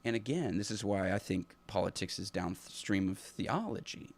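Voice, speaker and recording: A man with a low, gravelly voice hosts a live stream. He thinks aloud in an earnest, reflective way, stopping and restarting often. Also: expressive. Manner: halting, thinking aloud with many restarts and fillers. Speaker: teacher. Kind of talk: unscripted live stream commentary.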